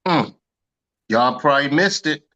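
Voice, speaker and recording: A man's voice: a little high, lively intonation, measured pace, pushed and bright, lo-fi sound. A man hosting a group video call with playful, hype-man banter. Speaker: host.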